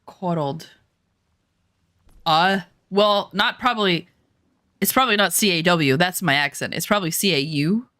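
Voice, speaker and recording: Her fairly low voice comes out pushed and bright at a moderate pace, recorded in studio quality with no echo. She streams a survival game and chats jokingly with her viewers, swearing freely, self-mocking, and easily flustered.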